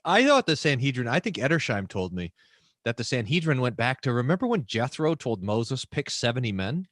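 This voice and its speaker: A man's voice: medium pitch, big pitch swings, fairly quick, fairly bright tone, no echo. A man from Texas co-hosting a casual theology chat over a video call, explaining and teasing his partner. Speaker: co-host and pastor.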